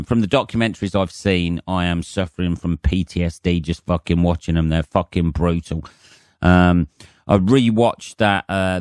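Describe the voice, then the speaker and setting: A man's voice: low-pitched, clear, resonant tone, no room sound, clean studio sound. A man hosting his own podcast, rambling casually, swearing freely and self-mocking, with frequent ums. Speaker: podcast host. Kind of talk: solo casual monologue.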